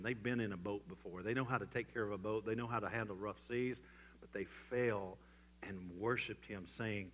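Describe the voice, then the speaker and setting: A man preaching a church sermon, swinging from loud emphatic lines to hushed, quiet ones. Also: medium pitch. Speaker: pastor. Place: church sanctuary.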